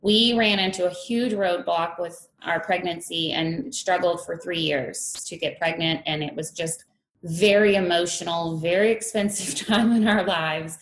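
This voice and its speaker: Woman guest, 30s, lowish voice, candid storyteller, echoey room with faint hum; laughs easily. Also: a little slow. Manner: candid, laughs often, acts out her past thoughts. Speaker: strength coach, guest. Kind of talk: conversational interview storytelling.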